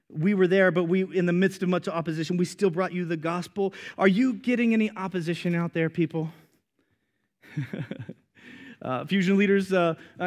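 A young man preaching a sermon with animated delivery, calling for amens and acting out quoted voices. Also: sits high. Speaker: pastor.

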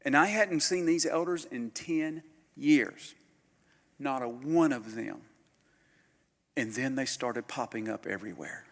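A man, a pastor preaching a storytelling sermon that swings from loud bursts to hushed near-whispers. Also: mid-range voice, measured pace. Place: conference hall. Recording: live hall recording with long reverb.

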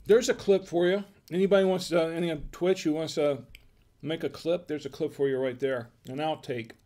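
A man's voice: a little high, fairly even intonation, fairly quick, warm tone, slight background noise. A man hosting a casual wine tasting livestream, musing aloud in a hesitant, chatty way. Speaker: wine review show host.

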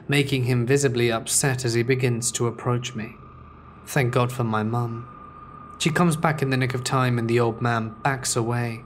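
A man's voice: mid-range voice, a little hiss or hum. A man steadily reading true scary stories aloud in the first person, as the narrator of a horror story channel.

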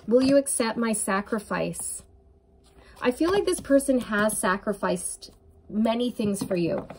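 A woman's voice: mid-range voice, a little mellow, breathy edge. A woman giving a channeled tarot reading to her viewers, earnest and intuitive, talking straight to the listener. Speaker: tarot reader.

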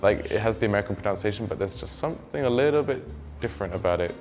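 Hesitant, deep-voiced man. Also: expressive, rapid-fire, darkish tone, faint music behind. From England. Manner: hesitant, searching for words. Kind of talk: blindfolded guessing interview.

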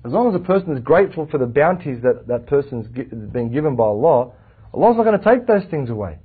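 A man giving a casual religious class, lively and animated, acting out little anecdotes. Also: medium pitch, quick pace, breathy edge. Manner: lively, animated, acts out anecdotes, frequent restarts. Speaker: religious teacher. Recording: tinny phone-like lo-fi recording.

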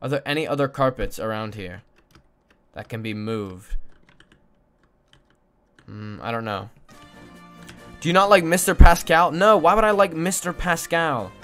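A young man live-streaming a game, mumbling to himself and his chat, swearing often and breaking into loud excited shouts. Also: medium pitch, a little slow, pauses often, soft background music. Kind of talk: casual gaming livestream chat.

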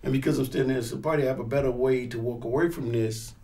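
A man with a mellow, warm voice talks through gun-safety training in a relaxed interview. He keeps the tone casual and often acts out little scenes in quoted voices. His pitch sits in an ordinary middle range. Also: quick pace. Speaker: firearms instructor and pastor.

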